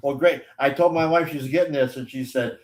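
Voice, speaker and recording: Older man, halting, trailing off quietly. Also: medium pitch. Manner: halting, many restarts and fillers, quiet trailing lines. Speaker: guest, former umpire. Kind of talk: casual storytelling chat.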